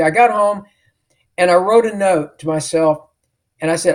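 A man's voice: sits high, normal speed, pauses often. A middle-aged man, an author and podcast guest, telling a story emphatically and acting out the dialogue he remembers. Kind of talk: storytelling in an interview.

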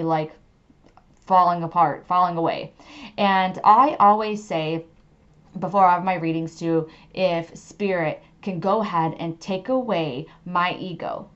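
A woman's voice: on the low side, dull audio. A woman hosting a solo podcast, chatty and emphatic, with lots of fillers like "like" and "okay". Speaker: podcast host and medium. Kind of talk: casual solo podcast talk.

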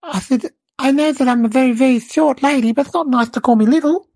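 A woman playing a cheeky, clueless little boy who tells a comic story in a rambling, deadpan way with childlike logic. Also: sits high, quick pace, dry recording. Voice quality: creaky, husky. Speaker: podcast comic character narrator. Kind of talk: comic character monologue.

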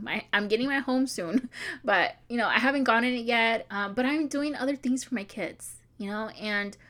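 A woman's voice: on the high side, fairly bright tone. Chatty, heartfelt woman vlogger. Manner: chatty, heartfelt, many likes and restarts. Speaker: online course creator. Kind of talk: personal vlog talk.

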